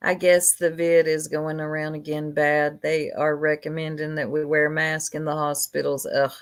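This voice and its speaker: A woman's voice: low voice, little pitch movement, moderate pace. A woman in casual livestream chat, gossiping in a chatty, catty, drawling way.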